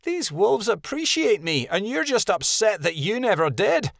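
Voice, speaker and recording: A man's voice: sits high, very animated, a little slow, creaky, a bit bright, no echo, studio quality, pitched above the performer's own voice, full character voice. A man voicing a proud, boastful young she-wolf in a fantasy audiobook. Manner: boastful, snappish.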